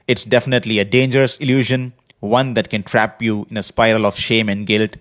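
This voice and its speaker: A man with a fairly low voice speaks slowly and earnestly, as if reading his own carefully written words. He talks in a reflective, personal monologue as a podcast host. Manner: earnest, slow and measured, reading a prepared script. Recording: podcast voice recording.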